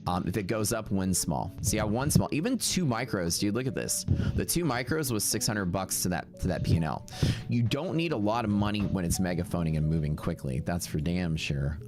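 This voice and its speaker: A man's voice: on the low side, animated, a little fast, over music. A man hosting a live day trading stream, talking casually and thinking aloud as he checks his account, with upbeat slang. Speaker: day trading livestream host. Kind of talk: casual livestream commentary.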